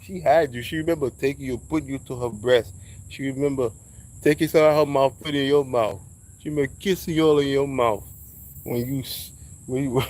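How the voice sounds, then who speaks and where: A man, talking in a casual monologue, preachy and emphatic, dropping into low asides. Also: a little mellow, low-quality recording. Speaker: vlogger giving advice.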